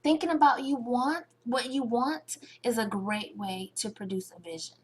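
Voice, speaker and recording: Woman motivational speaker, fairly high husky voice, emphatic, repeats lines, keeps asking "okay?". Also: normal speed. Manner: emphatic, repeats phrases, frequent "okay?" check-ins. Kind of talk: motivational webinar talk.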